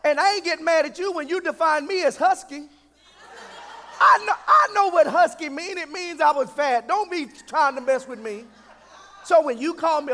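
A man's voice: very high voice, moderate pace, pushed and bright. A male pastor delivering a humorous sermon, calling out for the congregation to answer back. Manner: humorous, call-and-response preaching. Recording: echoey hall.

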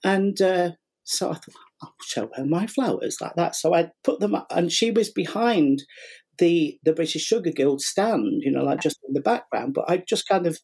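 A man's voice: a little high, animated, moderate pace, darkish tone, slightly rough. A middle-aged man telling a long story in a casual interview, rambling with fillers and acting out what people said. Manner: rambling, many fillers and repeats, acts out quotes. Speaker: guest, sugar flower artist and teacher.

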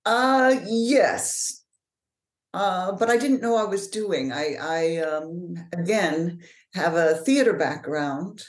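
A middle-aged woman from New Orleans with a Mid-Atlantic accent and proper, measured diction, answering interview questions with pauses and fillers. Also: lowish voice, lively intonation, echoey room. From New Orleans, USA. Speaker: actor and author, podcast guest.

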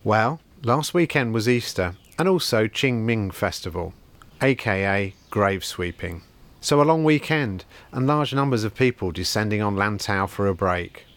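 A man hosting a podcast from his bookshop, reading out shop news and introducing a guest in a measured way. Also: fairly low pitch, lively intonation, fairly bright tone. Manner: measured, read-out announcements. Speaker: podcast host, bookshop owner.

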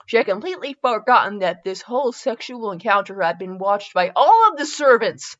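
A woman's voice: medium pitch, big pitch swings, a little fast, muffled recording. A woman podcast host reading fan fiction aloud for comedy, breaking off into giggles and self-mocking asides.

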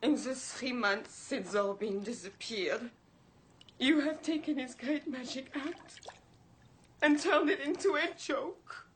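A woman's voice: sits high, slow pace, fairly bright tone, a little hiss or hum. An actress playing a bitter, fed-up female assistant to a stage magician in a TV horror drama, with a scornful, accusing delivery.

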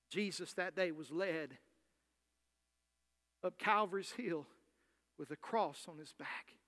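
High-voiced impassioned male preacher. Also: a little slow, long pauses. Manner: impassioned preaching, voicing Bible figures, swings from loud to soft. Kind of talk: sermon.

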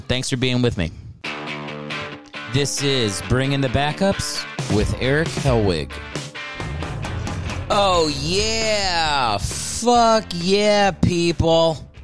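A man's voice: medium pitch, smooth. A man hosting a solo comedy podcast, rambling and joking about himself, often restarting his sentences. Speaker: podcast host.

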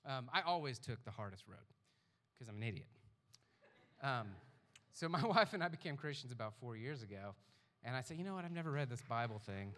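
A man's voice: mid-range voice, very animated, a little fast, long pauses, pushed and bright, a little hiss or hum. Guy giving a jokey sermon, kinda out of breath, pokes fun at himself, echoey church hall. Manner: jokey, self-mocking, rambling. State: a little out of breath. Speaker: guest speaker. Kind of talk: casual testimony sermon. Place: church auditorium. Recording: reverberant hall.

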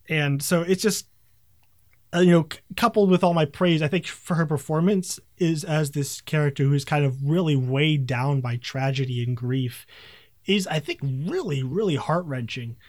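A man's voice: a little high, no room sound, studio quality. A man co-hosting a casual film review podcast, talking with enthusiasm and stumbling restarts. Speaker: podcast co-host.

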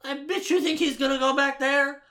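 A man co-hosting a casual movie review podcast, ranting with lots of swearing, swinging from heated shouting to low muttering. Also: fairly even intonation, moderate pace. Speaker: podcast co-host.

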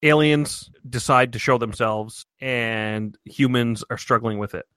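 A man co-hosting a casual podcast chat, telling stories in an animated way and swearing freely. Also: mid-range voice, measured pace, smooth, no room sound, clean studio sound. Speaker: podcast co-host.

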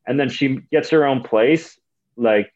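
A young Canadian comedian, a guest on a casual podcast, tells rambling, profane stories in an animated way. His voice is mid-range and a little slow, and the sound is lo-fi.

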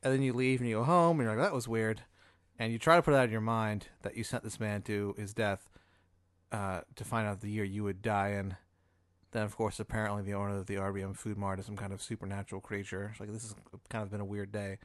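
A male podcast host telling an improvised comedic story in a rambling, deadpan way. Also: on the low side, fast, no room sound. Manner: rambling, deadpan, with filler words.

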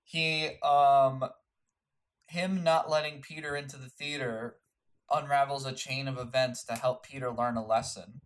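A man's voice: mid-range voice, a little slow. Easygoing young man musing on films. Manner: relaxed, musing, trailing restarts. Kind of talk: casual movie chat.

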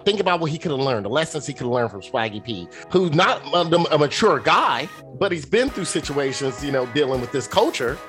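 A man co-hosting a casual sports podcast, emphatic and animated as he tells a story. His voice sits a bit high and swings widely. Music plays clearly underneath. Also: a little fast, hardly any pauses. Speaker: podcast co-host.

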